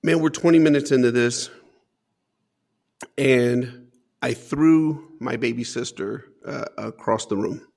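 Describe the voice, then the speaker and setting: A middle-aged man with a gravelly, fry-touched voice recounts his past as an interview guest. He talks earnestly, stumbling and repeating words as the memories come. His pitch sits at an ordinary middle for a man. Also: slow, a little mellow. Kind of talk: emotional personal storytelling.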